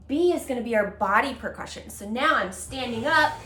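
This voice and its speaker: A woman's voice: a little high, animated, a little fast, fairly bright tone, echoey room. A woman teaching a music lesson to young children, with an encouraging, sing-song delivery that breaks into rhythmic chants.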